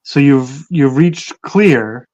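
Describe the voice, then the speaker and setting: A man with a Minnesotan accent hosting a casual interview, asking questions in a relaxed way with many fillers. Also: mid-range voice, takes it slowly, muffled recording.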